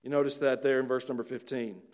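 A man preaching a sermon to his congregation, earnest and slowing down to stress key phrases. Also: mid-range voice, little pitch movement, darkish tone. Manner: earnest, slows down for emphasis. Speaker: pastor.

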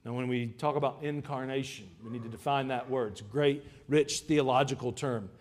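A man's voice: medium pitch, steady tone, brisk, a little mellow. A man preaching a sermon to a congregation in church. He talks conversationally, breaks off into joking asides, and often stumbles and repeats words. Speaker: pastor. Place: church service before a congregation.

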